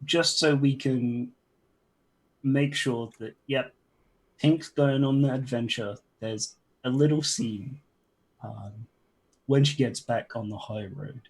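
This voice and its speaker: A man narrating as game master of a tabletop game, halting, with frequent ums and restarts. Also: mid-range voice, steady tone, husky.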